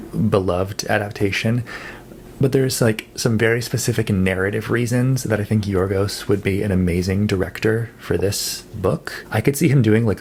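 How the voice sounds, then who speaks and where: A man with a lowish voice, a book vlogger, gives a casual monthly wrap-up of the books he read. He thinks aloud, using fillers and correcting himself. There's a little hiss or hum.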